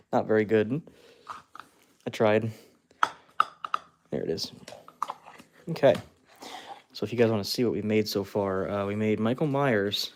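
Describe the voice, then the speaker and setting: A man with a fairly low voice, recorded with slight background noise, hosts a laid-back live stream sculpting clay. He talks and laughs freely, narrates his hands-on work, and reads out chat to his fans.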